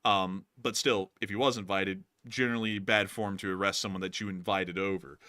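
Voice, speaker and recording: A rambling man hosts a live stream and answers viewer questions, full of ums and folksy sign-offs. His voice sits low but comes across bright and forceful. The sound is dry and close. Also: steady tone, fairly quick, no echo. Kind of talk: casual live-stream commentary.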